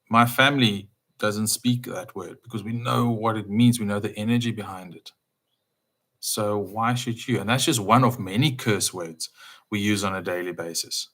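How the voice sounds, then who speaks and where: A man giving an emphatic, casual spiritual talk, full of rhetorical questions and swings between loud and soft. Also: fairly low pitch. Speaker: speaker.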